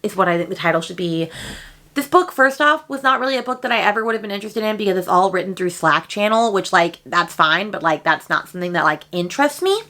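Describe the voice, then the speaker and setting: A young woman vlogging a casual, animated rant about books she disliked, sounding exasperated. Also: on the low side, quick pace, few pauses. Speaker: book vlogger. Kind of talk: casual ranting book review.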